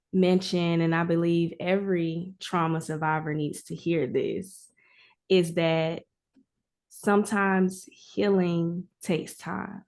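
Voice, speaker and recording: A woman's voice: lowish voice, a little mellow. A woman hosting a podcast, affirming and reflective as she responds to her guest. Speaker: podcast host. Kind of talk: casual interview chat.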